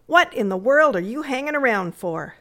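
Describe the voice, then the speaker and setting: A woman voicing a sharp-tongued, scowling aunt in a read-aloud story, scolding and fretful. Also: on the high side, expressive, moderate pace, pitched above the performer's own voice.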